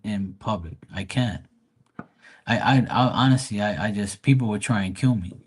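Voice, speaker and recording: A man giving live tarot readings, talking bluntly and profanely, with emphatic restarts. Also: fairly low pitch. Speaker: tarot reader.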